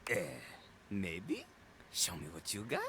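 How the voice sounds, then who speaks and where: A cocky French-accented rapping toilet. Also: male voice, lowish voice, huge pitch swings, slow, bright, forceful tone, a little hiss or hum, exaggerated voice. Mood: swaggering. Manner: boastful, speaks of himself in third person. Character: cocky male toilet who raps, pompous French-accented. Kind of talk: video game voice acting.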